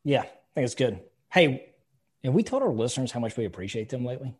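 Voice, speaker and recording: This is a man co-hosting a casual podcast, blunt and animated as he tells stories. His voice sits low and mellow, with a husky grain to it. He talks like he's leaning back with a friend. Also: quick pace. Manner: blunt and animated, telling stories with quoted speech. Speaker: podcast co-host.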